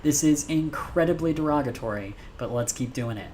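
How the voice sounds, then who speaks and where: A man streaming a video game live, chatting in a playful, excitable way with many fillers. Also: on the high side, normal speed, slight background noise.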